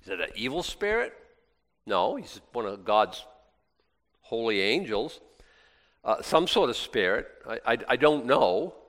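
A man preaching a sermon, reading scripture aloud and breaking into lively, sarcastic asides. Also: mid-range voice, measured pace, pauses often. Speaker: pastor. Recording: long hall reverb.

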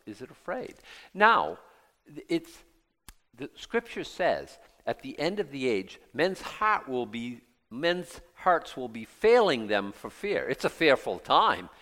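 A man preaching an expository sermon as pastor, animated and self-mocking, now and then acting out the voices he quotes. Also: mid-range voice. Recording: long hall reverb.

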